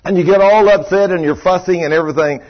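An older pastor with a drawl tells a folksy story, pitched a little high with a husky edge to the voice. He chuckles between lines and speaks straight to his congregation. The recording sounds dull and muffled. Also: fast. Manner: folksy, chatty, chuckles often, talks to the congregation. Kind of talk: storytelling sermon.

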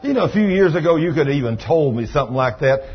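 A man preaching a sermon, telling healing stories in a folksy way that moves from hushed retelling to loud praise. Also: a little high, animated, quick pace. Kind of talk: sermon storytelling. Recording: dull lo-fi recording with faint noise.

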